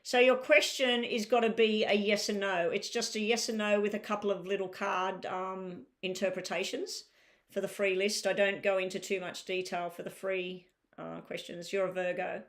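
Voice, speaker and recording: A tired woman with a crackling voice of medium pitch does a live-stream tarot reading, speaking at normal speed with little pitch movement. She chats casually with viewers, leans heavily on fillers, and asks them to clarify their questions.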